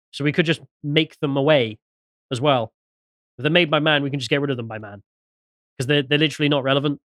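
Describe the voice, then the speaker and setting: A man's voice: fairly high pitch, a bit bright, dry recording, studio quality. A British man co-hosting a podcast, reading out news stories with mocking, sarcastic commentary. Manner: mocking, sarcastic, swings into jokey mimicry.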